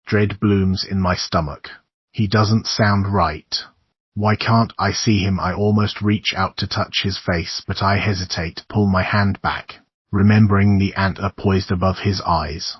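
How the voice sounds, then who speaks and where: A man narrates a horror audiobook in a measured, somber way. His voice is deep and husky. The recording is dry and dull. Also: steady tone, no room sound.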